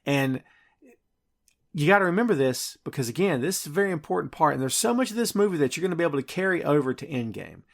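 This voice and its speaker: A man's voice: fairly high pitch, sing-song, fast talker, gravelly. A man hosting a podcast and recapping a film scene by scene in casual, enthusiastic chat full of fillers. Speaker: podcast host.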